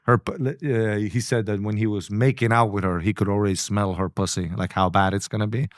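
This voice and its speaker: A man's voice: on the low side, steady tone, fairly quick, dry recording, clean studio sound. A man hosting a casual chat, telling long, crude, rambling stories. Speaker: podcast host.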